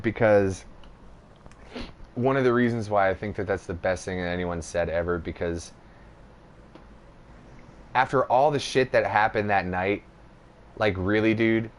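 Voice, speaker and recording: Profane, rambling young man telling a story. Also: on the low side. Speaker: podcast host. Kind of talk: casual storytelling chat.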